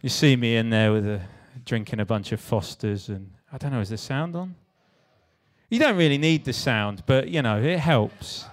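A man's voice: mid-range voice, normal speed. A young English man from the West Country giving a casual talk to a live audience, joking and swearing as he banters with the crowd. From West Country, England. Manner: self-deprecating, sweary, jokey banter with the audience. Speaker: speaker at a creative talk. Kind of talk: casual stand-up style talk. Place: live event venue with audience.

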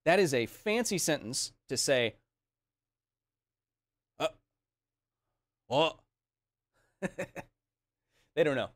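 A man's voice: on the high side, extremely slow, pauses often, no room sound. A young man hosting a casual science livestream, reading viewer comments aloud and explaining terms with jokes. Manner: animated, joking, explains terms as he reads.

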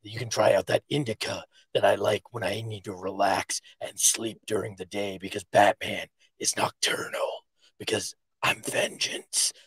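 A man putting on the low, gravelly voice of a brooding male caped hero. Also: level tone, moderate pace, fairly bright tone, dry recording.

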